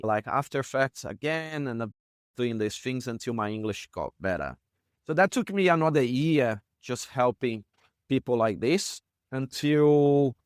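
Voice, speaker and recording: A Brazilian man whose first language is Portuguese, a podcast guest telling loose, relaxed stories in casual English with a Brazilian accent and broken grammar. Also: mid-range voice, no echo, clean studio sound. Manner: relaxed storytelling, broken grammar, swears now and then. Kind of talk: casual conversation.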